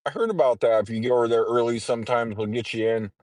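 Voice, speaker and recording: Speaking fast in a darkish mid-range voice, a congested man rambles through a casual morning livestream. He is training to be a trucker and keeps clearing his throat and dropping filler words. There's no echo, just a dry, close sound.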